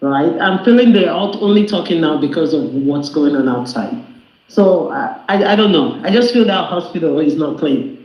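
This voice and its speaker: High-voiced man, emphatic, echoey call. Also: lively intonation, moderate pace. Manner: emphatic, repeats himself while making his point. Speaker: panelist. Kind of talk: casual group discussion. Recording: echoey muffled online call.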